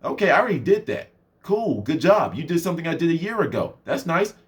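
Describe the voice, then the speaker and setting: A man speaks quickly in a sing-song voice on the high side, talking casually in his motivational vlog. The vlogger and mentor rambles, laughs often, and dramatizes the people he quotes.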